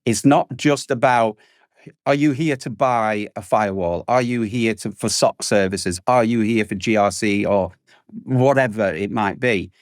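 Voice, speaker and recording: Animated man, dry close sound. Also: on the low side, a little slow, dry recording. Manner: animated storyteller, acts out salespeople in exaggerated voices. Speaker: podcast panelist. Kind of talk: casual panel chat.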